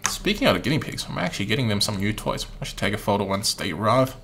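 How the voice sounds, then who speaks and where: A man's voice: lowish voice, lively intonation, fast talker, a bit bright, slight background noise. A man streaming a game, offhand and wry, thinking aloud as he plays. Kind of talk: casual let's-play commentary.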